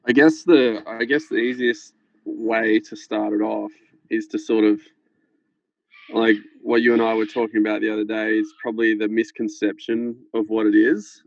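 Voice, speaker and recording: A man's voice: fairly low pitch, little pitch movement, moderate pace, no echo, muffled recording. A man talking as a podcast guest, sharing a candid personal story in a hesitant way, with many restarts and fillers.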